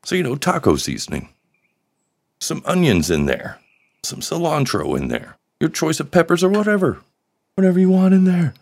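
A man's voice: a little high, sing-song, moderate pace, a little mellow. A man hosting a live solo podcast, rambling and joking with crude humor. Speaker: podcast host.

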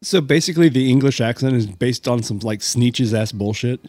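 A man's voice: mid-range voice, moderate pace, a little mellow, no room sound, clean studio sound. A man co-hosting a podcast, chatting casually and cracking jokes. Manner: wisecracking, laughs often. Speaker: co-host. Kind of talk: casual chat.

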